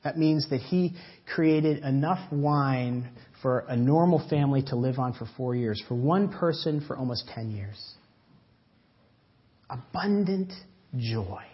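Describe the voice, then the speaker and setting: Pastor guy preaching, husky voice, dull muffled recording, gets loud then quiet. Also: medium pitch, measured pace. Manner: emphatic preaching with sudden loud and soft swings. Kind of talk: sermon. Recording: dull lo-fi church audio.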